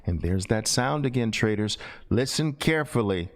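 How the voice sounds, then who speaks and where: A middle-aged man teaching a trading lesson over a screen share, animated and repetitive, with loud "boom" exclamations. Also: normal speed. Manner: animated, punctuates with loud "boom" and repeats phrases. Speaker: trading instructor.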